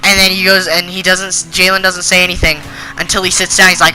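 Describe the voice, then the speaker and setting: Very bright teenage boy ranting. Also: high voice, flat delivery, fairly quick, faint music behind, rough recording. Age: teens. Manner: indignant, rambling with many fillers. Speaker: channel host. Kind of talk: storytime rant.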